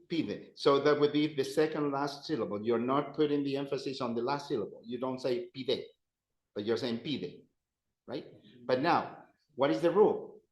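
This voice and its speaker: A man teaching a grammar class, playful and animated, repeating phrases and addressing students. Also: mid-range voice, echoey room. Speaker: Spanish teacher.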